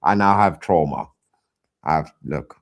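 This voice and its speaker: Loud swearing man ranting at videos. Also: very deep voice, slow. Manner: loud, exasperated, repeats himself, swears a lot. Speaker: streamer reacting to videos. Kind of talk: ranting reaction commentary.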